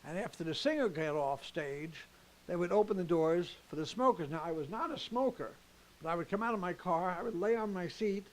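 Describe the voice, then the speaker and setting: A man's voice: sits high, expressive, brisk, rough recording. An older man, a comedian and the show's host, telling rambling anecdotes in a backstage interview at a theater.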